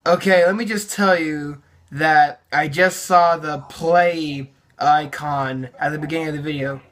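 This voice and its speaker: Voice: mid-range voice, fairly even intonation, unhurried, fairly bright tone. Sarcastic teen reviewing old videos. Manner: sarcastic, self-mocking, many fillers. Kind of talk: casual reaction commentary.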